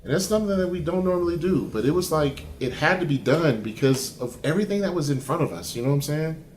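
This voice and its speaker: A man being interviewed as a competitive bodybuilder, telling his story in a lively, profane way and acting out what he said back then. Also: on the high side, fast, a little hiss or hum. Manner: lively and profane, acts out his own past lines. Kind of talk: animated storytelling in conversation. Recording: roomy echo.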